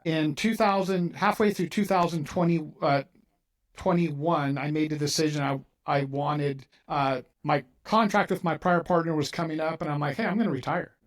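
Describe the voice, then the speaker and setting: A man's voice: a little high, normal speed. A middle-aged man hosting an interview, telling a long personal story and acting out the dialogue in it. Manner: animated storyteller, acts out quoted dialogue. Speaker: podcast host, mortgage company owner.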